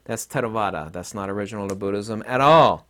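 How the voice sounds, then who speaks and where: A man's voice: lowish voice, fairly quick, fairly bright tone. A middle-aged man giving a blunt, combative monologue as an online commentator, with mocking asides. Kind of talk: opinionated monologue.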